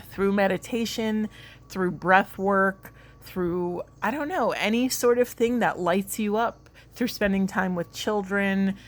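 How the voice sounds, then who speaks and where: Earnest woman giving a spiritual card reading. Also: mid-range voice. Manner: earnest, rambling, emotional. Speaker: tarot card reader.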